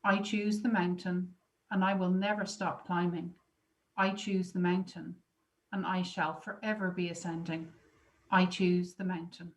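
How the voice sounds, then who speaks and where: A woman reciting a poem in a slow, soft, measured way. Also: lowish voice, little pitch movement, poor audio. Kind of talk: poetry recitation.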